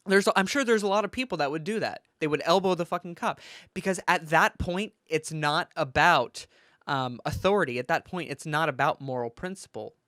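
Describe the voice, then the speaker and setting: A man's voice: a little high, moderate pace, fairly bright tone, no echo, studio quality. A man delivering a heated, profane and sarcastic ranting commentary. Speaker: political commentator.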